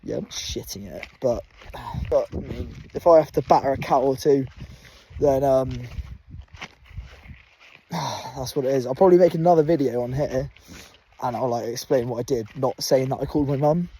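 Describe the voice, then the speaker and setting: A man's voice: medium pitch, normal speed, dark tone, husky. Laid-back sweary young man. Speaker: vlogger. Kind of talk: casual outdoor vlog. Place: outdoors on open moorland, camping.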